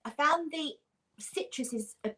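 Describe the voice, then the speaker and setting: A woman's voice: high voice, a little slow, fairly bright tone. Chatty British woman gushing about scents. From Britain. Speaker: guest on a fragrance livestream. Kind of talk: casual chat.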